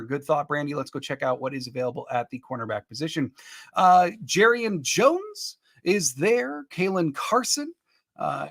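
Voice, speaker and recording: A man's voice: fairly high pitch, fairly bright tone, dry recording, studio quality. A man hosting a live-streamed sports podcast, running through picks and reading viewer comments in an upbeat, chatty way. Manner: upbeat, quick asides to viewers, chuckling. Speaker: podcast host.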